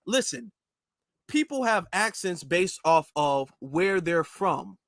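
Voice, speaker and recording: High-voiced man in dry, emphatic commentary. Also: very animated, slow pace, a bit bright, no room sound. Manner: emphatic and repetitive. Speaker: channel host and commentator. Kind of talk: reaction commentary.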